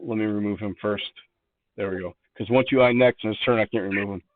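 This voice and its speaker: A man's voice: lowish voice, steady tone, fast talker, no echo. A man narrating a tabletop game as its game master. He walks the players through the rules patiently, backing up to restate things. His voice comes through a thin, phone-like call line. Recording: tinny phone-like call audio.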